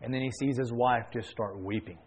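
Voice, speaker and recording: A man preaching a sermon and retelling a story, swinging between hushed and emphatic delivery. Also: mid-range voice, brisk, slightly rough, low-quality recording.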